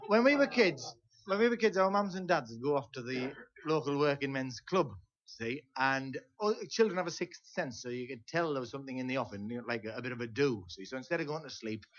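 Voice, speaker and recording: A man's voice: medium pitch, a bit bright. Chatty Teesside man spinning a comic yarn. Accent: Teesside English. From Teesside, England. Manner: rambling, chatty, with frequent "see?" asides. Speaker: folk singer and comedian. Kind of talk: comic stage storytelling. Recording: dull lo-fi VHS tape transfer.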